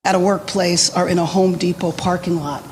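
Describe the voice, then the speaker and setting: A woman, a city official, giving a formal public address in a measured, deliberate way. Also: on the low side, flat delivery, darkish tone, low-quality recording. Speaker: city mayor at a press briefing.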